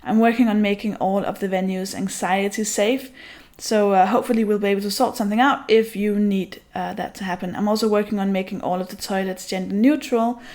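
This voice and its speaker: A woman comedian giving a casual, relaxed spoken message, pausing with fillers. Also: mid-range voice. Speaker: podcast co-host and comedian. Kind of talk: casual announcement.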